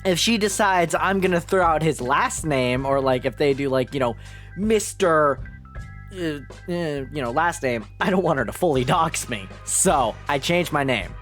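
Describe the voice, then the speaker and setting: A woman's voice: low-pitched, expressive, faint music behind. A young woman streaming a game live, chatting casually, swearing and poking fun at herself. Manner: chatty, swearing, self-mocking, quick laughs.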